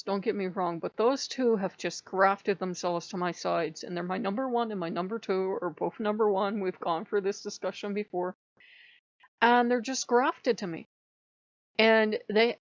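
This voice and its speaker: In a dry, muffled recording, a mid-range female voice rambles through a late-night spiritual vlog. The pagan vlogger sounds tired, speaks candidly, pokes fun at herself, and swears occasionally.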